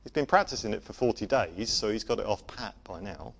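A man preaching a sermon to a congregation, gentle in manner, often dropping to a soft voice for emphasis. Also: fairly low pitch, expressive, brisk, gravelly, husky. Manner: gentle, varies loudness for emphasis, drops to soft tones.

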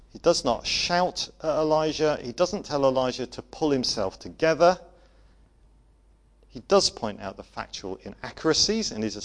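A man preaching a sermon to a congregation, gentle in manner, often dropping to a soft voice for emphasis. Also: mid-range voice. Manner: gentle, varies loudness for emphasis, drops to soft tones.

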